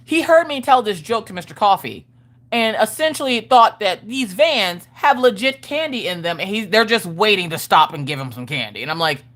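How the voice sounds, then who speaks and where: A woman hosting a live stream and chatting casually about parenting, frank and profane, with animated storytelling. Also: medium pitch, normal speed. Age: adult parent of school-age children.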